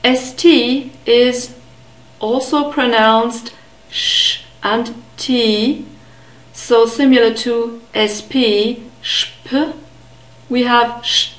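A woman teaching a beginner language lesson, carefully modeling sounds and repeating words slowly. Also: a little high, fairly even intonation, echoey room, rough recording. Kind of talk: slow, deliberate pronunciation lesson.

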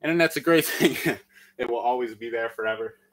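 A man with a medium-pitched, fairly bright voice speaks at a moderate pace while leading a live-streamed workout. He's out of breath from exercising, calling countdowns and encouragement and chatting with lots of fillers, on a low-quality recording.

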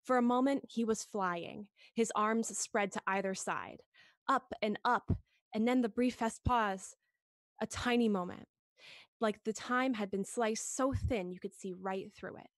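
A woman podcast host reading a story aloud in a gentle, expressive read-along style, lifting her voice for the dialogue. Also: on the high side, a little slow, dry recording.

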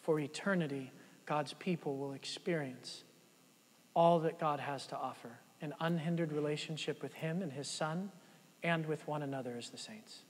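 A man preaching a sermon in a high voice, building to loud, emphatic peaks and then dropping to soft, low passages. His voice rings out with the long reverb of a church sanctuary. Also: normal speed, slightly rough. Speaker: pastor.

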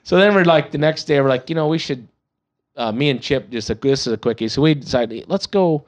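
A man, a podcast guest telling profane, animated stories with frequent laughter. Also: a little high, a little fast. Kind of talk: casual storytelling.

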